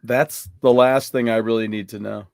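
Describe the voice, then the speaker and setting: A man's voice: on the low side, fairly even intonation, normal speed, vocal fry, a little mellow, no room sound. A man in a casual group chat, making wry, dry remarks. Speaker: podcast co-host.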